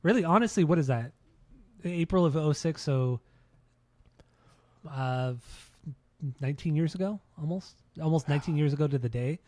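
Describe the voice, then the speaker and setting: A man's voice: fairly high pitch, normal speed, long pauses, darkish tone, no room sound. A man in his thirties hosting a casual podcast, rambling and swearing with lots of restarts. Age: 30s. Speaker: podcast host.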